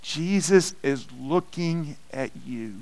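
A man preaching a sermon in a slightly raised voice. He takes his time, pausing between short phrases. His delivery rises to loud, urgent peaks and falls back to hushed tones. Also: on the high side, animated, low-quality recording. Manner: slow, dynamic preaching that swells loud and drops soft. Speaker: pastor.

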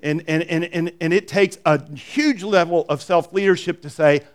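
A middle-aged man preaching a sermon, telling stories with emphatic repeats and quick asides. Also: fairly high pitch. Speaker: pastor.

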